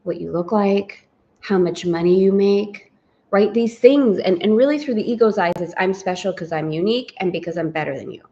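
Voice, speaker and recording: A woman's voice: medium pitch, moderate pace, mellow, dull audio. Reflective woman leading a spiritual lesson. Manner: reflective, voices inner thoughts aloud. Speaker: spiritual teacher.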